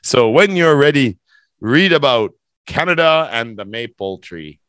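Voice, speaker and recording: A man's voice: mid-range voice, expressive, unhurried, a bit bright, no echo, clean studio sound. A man teaching English, running a speaking test over a video call with a playful, teasing manner.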